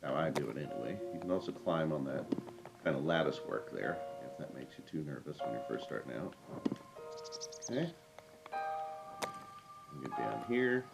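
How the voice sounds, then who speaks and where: A man hosting a game walkthrough, explaining step by step in a relaxed, casual way with frequent fillers. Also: a bass voice, fairly quick, creaky, loud music behind the voice, poor audio. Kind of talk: casual let's-play commentary.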